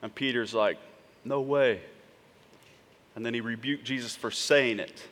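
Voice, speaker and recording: A man's voice: mid-range voice, steady tone, fairly quick, a bit bright. A man preaching a sermon as pastor, talking to the congregation in a conversational way and checking in with frequent asides. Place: church sanctuary. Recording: long hall reverb.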